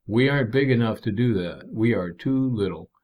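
A man's voice: lowish voice, expressive, lo-fi sound. Earnest man preaching a sermon. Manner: earnest, measured preaching with emphatic asides.

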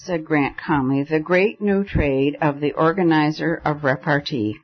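A man's voice: fairly high pitch, measured pace, lo-fi sound. A man reading a story aloud as an audiobook narrator, giving the characters light voices in the dialogue. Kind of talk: scripted narration.

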